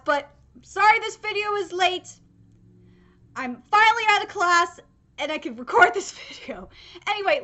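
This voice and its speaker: A young woman, a manga reaction vlogger, talking excitedly and swearing as she reacts, breaking into shrieks. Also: sits high. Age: young adult. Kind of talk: live reaction vlog.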